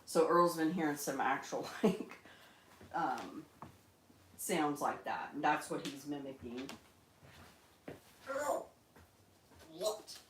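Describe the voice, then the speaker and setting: A woman chatting on a casual live stream at home, coaxing her pet birds in a high, sing-song baby-talk voice between plain remarks to viewers. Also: sing-song, slow, long pauses. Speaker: pet bird owner livestreaming. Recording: echoey room, noisy background.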